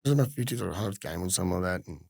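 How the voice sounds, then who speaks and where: A man's voice: sits low, racing, gravelly, a little mellow. A man in his thirties with an Australian accent, a podcast guest who tells rambling, laughing anecdotes, swearing freely, on a close mic in a podcast studio. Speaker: podcast guest, former footballer. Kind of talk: casual storytelling chat.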